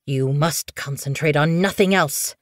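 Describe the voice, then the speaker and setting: A woman voicing a gruff old male medicine cat who speaks raspy, slow and ominous, in a dry, close recording. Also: sits low, dry recording.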